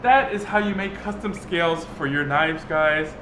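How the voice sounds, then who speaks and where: A man's voice: a little high, normal speed, sharp tone, a little hiss or hum. A man vlogging casually about a DIY project in his home workshop, talking with lots of fillers and restarts. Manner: chatty, filler-heavy, restarts often. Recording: roomy workshop, music playing underneath.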